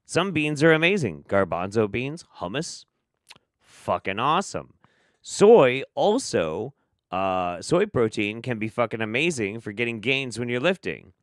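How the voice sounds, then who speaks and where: A man hosting a sarcastic commentary show, reacting to clips with profane mockery and sudden loud outbursts. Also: mid-range voice, sing-song, moderate pace, dry recording, studio quality. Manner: profane, mocking, swings between muttering and loud outbursts.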